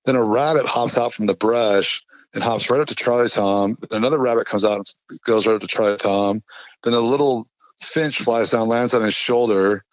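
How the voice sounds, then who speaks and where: Male podcast guest, low voice, rambling filler-heavy storyteller, muffled dry recording. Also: normal speed, no room sound. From California. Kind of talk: casual storytelling chat. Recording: dull lo-fi dry podcast audio.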